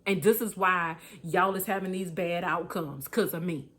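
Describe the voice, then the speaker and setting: A man's voice: high voice, steady tone, normal speed, fairly bright tone. A woman voicing a repentant male prophet who confesses plainly to the crew of a storm-tossed ship. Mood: confessing.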